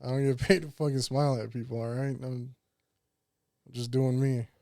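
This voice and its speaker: A man's voice: medium pitch, steady tone, moderate pace, creaky, dark tone, dry recording, clean studio sound. A man, a former bouncer, joking around in casual podcast chat and swearing freely. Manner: joking, laughs between lines, swears.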